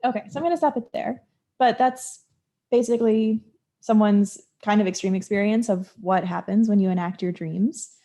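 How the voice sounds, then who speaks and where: A woman's voice: medium pitch, moderate pace, warm tone. Casual woman lecturing on psychology. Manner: casual explanatory tone with frequent likes and ums. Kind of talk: recorded university lecture.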